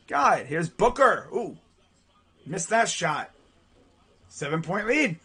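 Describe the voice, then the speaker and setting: A young man calls a basketball game live from his home setup, his high, husky voice leaping all over the place as he reacts. He talks in loose slang and gets loud and heated whenever a shot misses. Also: takes it slowly, pauses often. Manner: excitable, slangy, yells at missed shots. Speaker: play-by-play streamer. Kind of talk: live sports play-by-play reaction.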